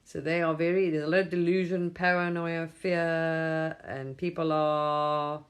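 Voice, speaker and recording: A middle-aged Englishwoman hosts a casual late-night livestream from her phone, speaking in a low, fairly flat, unhurried voice. She rambles, chuckles often, and mimics voices when quoting people.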